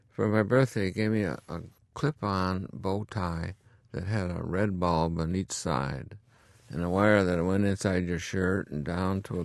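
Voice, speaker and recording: In a deep, gravelly voice, an eighty-something retired country doctor from upstate New York chuckles through wry tales of his school days for his grandson. The interview is recorded cleanly in a studio with no room sound.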